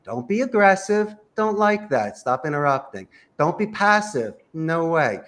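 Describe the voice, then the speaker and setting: Brief: male sales coach, high and very lively pitch, punchy and emphatic delivery. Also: normal speed. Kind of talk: energetic advice in a panel chat.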